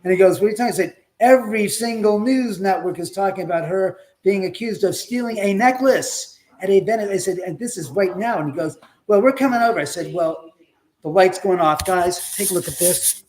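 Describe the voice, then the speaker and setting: A man with a somewhat high voice hosts a live stream from his own house. He tells his story in a loose, chatty way, slipping into the voices of the people he quotes and swearing casually as he goes. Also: fairly quick, darkish tone.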